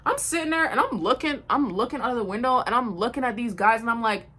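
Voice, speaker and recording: A young woman vlogger telling a storytime tale while getting ready, animated and slangy, swearing freely. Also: on the high side, fast talker, breathy edge. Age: young adult.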